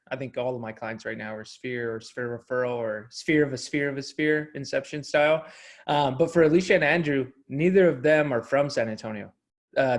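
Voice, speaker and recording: A man giving a steady, explanatory comment during a group call, with frequent fillers. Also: medium pitch. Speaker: team member.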